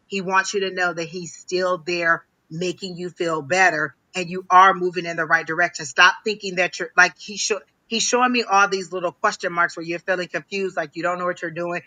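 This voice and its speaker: Guy giving psychic readings on a livestream, kinda high pitched, lots of ums and restarts. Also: steady tone, pushed and bright, low-quality recording. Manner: halting, repeats phrases with many ums. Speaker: psychic reader. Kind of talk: live psychic reading on a stream.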